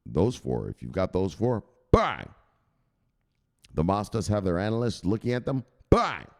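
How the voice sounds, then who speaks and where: A man hosting a crypto news show as a casual livestream, hyped and profane, shouting out viewers. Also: low-pitched, very animated, fairly quick. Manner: talks straight to viewers, gives shout-outs. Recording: echoey room with long reverb.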